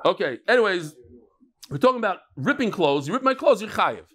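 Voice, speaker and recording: A man with a high-pitched voice teaching a Talmud class. He is middle-aged and talks in a lively, joking way, with Hebrew and Yiddish terms scattered through his English. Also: brisk. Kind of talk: Talmud lecture.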